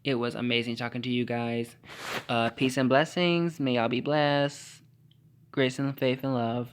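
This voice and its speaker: A man's voice: medium pitch, steady tone, measured pace, a little hiss or hum. Sassy, rambling young man with caffeine jitters. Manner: sassy, rambling, heavy use of "like" and "honey"; jittery and over-caffeinated, stumbling over words. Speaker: solo podcaster. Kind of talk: late-night solo podcast rant.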